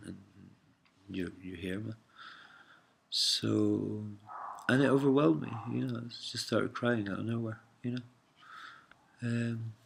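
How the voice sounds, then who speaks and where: A man's voice: on the low side, vocal fry, a little hiss or hum. A man telling a personal story in a casual, meandering monologue, hesitant and full of fillers, often calling the listener mate or man.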